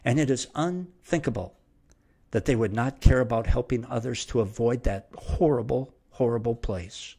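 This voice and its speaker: A man's voice: mid-range voice, lively intonation, normal speed, a little mellow, breathy edge. Emphatic man preaching a sermon. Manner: emphatic, repetitive preaching cadence. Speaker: preacher and Bible teacher. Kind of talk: verse-by-verse sermon.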